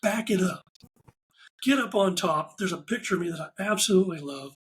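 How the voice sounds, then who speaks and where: High-voiced man telling animated stories. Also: a little fast, a little hiss or hum, rough recording. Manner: animated anecdotal storyteller, acts out quoted dialogue. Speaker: podcast guest, ride photographer. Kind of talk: casual interview storytelling.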